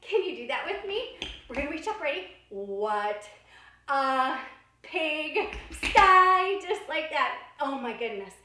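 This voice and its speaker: A woman's voice: high-pitched, animated, brisk. A woman leading a children's dance lesson, upbeat and encouraging as she counts out the steps. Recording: roomy, distant, loud music behind.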